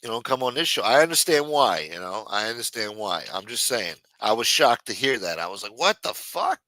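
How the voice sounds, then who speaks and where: Speaking a little fast in a lowish voice that sounds pushed and bright, this livestream host is animated as he swears freely and chats with his audience. He performs the quotes while retelling stories, and there's no room sound.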